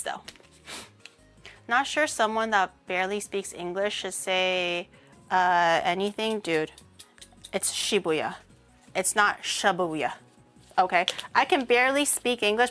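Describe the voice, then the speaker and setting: A woman streamer chatting casually while she cooks, rambling and breaking into animated mock-outraged rants. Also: mid-range voice. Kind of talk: casual livestream chat while cooking.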